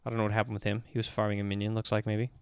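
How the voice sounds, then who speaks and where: A man who works as an esports performance coach gives casual, animated commentary as he breaks down a game replay step by step. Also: on the low side, racing, clear, resonant tone, no echo, studio quality.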